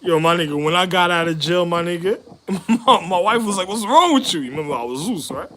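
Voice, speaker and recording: High-pitched guy rambling, lots of slang and cussing, laughing loud then muttering low. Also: brisk, slight background noise. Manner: profane, streetwise slang. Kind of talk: rambling monologue.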